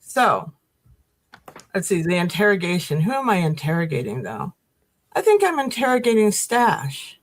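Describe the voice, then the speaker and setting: A woman's voice: medium pitch, sing-song, moderate pace. A woman on a podcast panel, flustered and giggling while getting ready for an improv challenge. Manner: flustered, giggly, nervous fillers. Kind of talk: casual podcast chat, improv.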